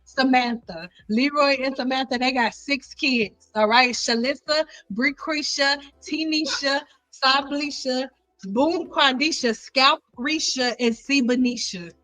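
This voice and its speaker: A woman with a high voice hosts a hair care live stream in a loose, joking chat. She teases her viewers, repeats her punchlines for effect, and keeps the energy animated. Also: unhurried, poor audio.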